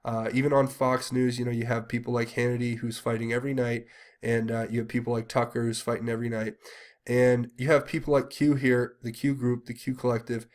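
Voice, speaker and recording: A man's voice: medium pitch, little pitch movement, brisk. A man hosting his own channel, talking in an earnest, rambling way with many fillers and pleading appeals to viewers. He is congested from a cold. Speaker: channel host. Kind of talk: casual solo commentary.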